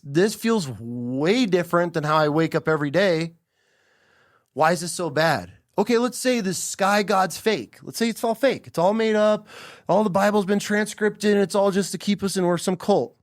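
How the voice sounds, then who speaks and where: A man hosting a podcast, telling a story in an animated, emphatic way with plenty of swearing. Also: fairly high pitch, dry recording, studio quality. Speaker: podcast host. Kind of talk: casual conversation.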